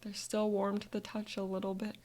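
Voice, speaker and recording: A woman's voice: mid-range voice, monotone, a little fast, a little mellow. A woman coach narrating a guided visualization as an upbeat present-tense memory.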